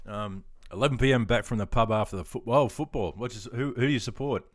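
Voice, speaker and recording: An Australian man streaming live, chatting casually in a relaxed, rambling way with frequent ums and chuckles. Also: medium pitch, quick pace, no room sound, studio quality.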